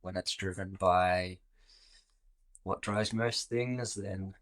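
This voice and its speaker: A man with an Australian accent, a podcast guest speaking in a relaxed, rambling way with many fillers. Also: sits low, takes it slowly. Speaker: podcast guest, jiu-jitsu instructor. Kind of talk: casual interview chat.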